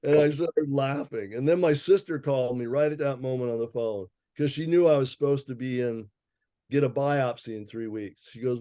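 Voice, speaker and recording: A man's voice: mid-range voice, a little fast, dark tone, no echo, clean studio sound. A man, an herbalist guest, telling a personal story in a casual interview, laughing often and acting out the people he quotes.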